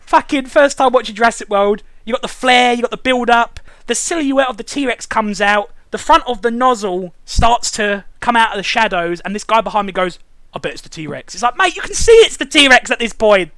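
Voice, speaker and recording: A man's voice: very high voice, lively intonation, moderate pace, hardly any pauses, a bit bright, dry recording. A man hosting a casual review chat, ranting sarcastically and swearing often. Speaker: show reviewer and host.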